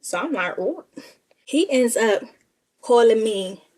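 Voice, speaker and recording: A woman's voice: on the high side, expressive, measured pace, a little mellow. A young woman telling a casual, sassy story and talking straight to her listeners as y'all. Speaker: storyteller vlogger.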